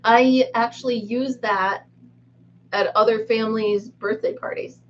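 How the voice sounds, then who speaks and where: A woman hosts a relaxed live chat from a room at home. She talks in a chatty, giggly way and pokes fun at herself. The recording is a little dull and lo-fi, with a faint hiss underneath. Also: on the high side, a little slow. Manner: giggly, chatty, self-mocking. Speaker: live-stream host. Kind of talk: casual live chat with viewers.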